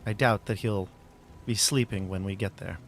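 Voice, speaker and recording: A man's voice: fairly low pitch, steady tone, moderate pace, gravelly, a little hiss or hum. A man narrating as game master of a tabletop game, chatty and loose, with fillers and restarts.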